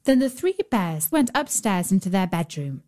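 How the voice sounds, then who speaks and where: A woman narrating a children's fairy tale in a gentle, measured storytelling voice. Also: mid-range voice, big pitch swings. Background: faint fiddle music.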